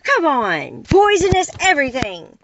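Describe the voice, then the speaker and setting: A woman's voice: high voice, huge pitch swings, measured pace, highs cut off, a little hiss or hum. A woman delivering an impassioned, exasperated monologue full of rhetorical questions. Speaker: caller addressing unseen listeners.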